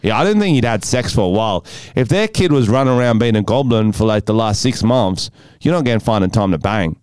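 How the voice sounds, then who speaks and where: A man's voice: lowish voice, lively intonation, brisk, darkish tone, clear, resonant tone, dry recording, studio quality. A man co-hosting a podcast, rambling through crude comedic banter, laughing often and slipping into silly voices as he tells a story. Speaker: podcast co-host.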